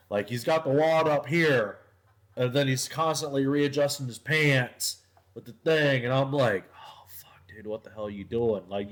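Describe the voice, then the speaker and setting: A young man co-hosting a podcast in casual chat, telling rambling, profane stories that often drop to a mutter. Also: mid-range voice. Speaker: podcast co-host.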